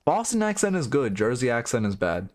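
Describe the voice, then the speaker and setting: A man's voice: mid-range voice, sing-song, a little fast. A young man giving casual live-stream coaching commentary on a video game, frank and blunt, swearing now and then and restarting his sentences.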